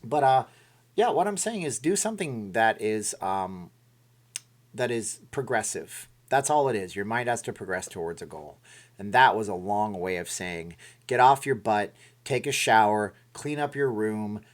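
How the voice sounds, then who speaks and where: A man's voice: on the low side, expressive, measured pace. A middle-aged man hosting a casual livestream from home, giving rambling motivational talk and reading viewer messages. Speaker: livestream host.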